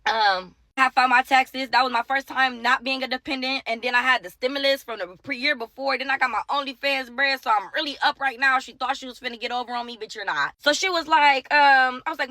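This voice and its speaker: A woman's voice: sits high, steady tone, bright, forceful tone, no room sound. A young woman from Ohio telling a blunt, profane storytime in a casual monologue. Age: young adult. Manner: profane, blunt, fast-talking.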